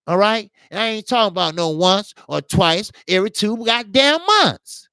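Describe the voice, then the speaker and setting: A boxing talk-show host scolds fighters in emphatic rants, spinning rambling stories full of profanity in a casual commentary monologue. He speaks at normal speed with hardly any pauses, his high-pitched voice lively, sharp, and clean, in a dry recording.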